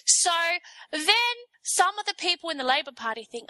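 An Australian woman talks casually with a bright, ringing tone that sits a little high. She tells an animated story and slips into mock voices for the people in it. The sound is dry and close. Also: moderate pace, no echo, poor audio. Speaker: guest explaining local politics. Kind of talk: casual chat.

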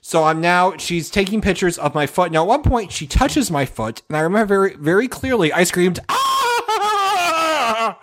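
A man's voice: high voice, animated, fairly quick, few pauses. A young man telling a comic story with sarcasm, acting out other people's lines. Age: young adult.

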